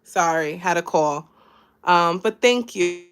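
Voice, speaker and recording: A woman's voice: on the low side, takes it slowly, fairly bright tone, clear, resonant tone. A woman life coach hosting a live stream, chatting casually and encouraging her viewers, thanking them by name. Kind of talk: casual motivational live chat.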